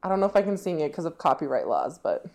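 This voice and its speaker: A woman's voice: deep voice, very animated, fast talker, creaky, darkish tone. A young woman co-hosting a casual podcast, laughing a lot, swearing and teasing playfully. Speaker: podcast co-host. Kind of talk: casual chat.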